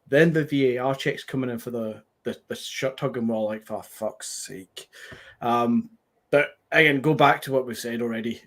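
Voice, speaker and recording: A man's voice: mid-range voice, a little fast, few pauses. A man with a Scottish accent, earnestly making his case about a match in casual podcast chat. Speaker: podcast co-host.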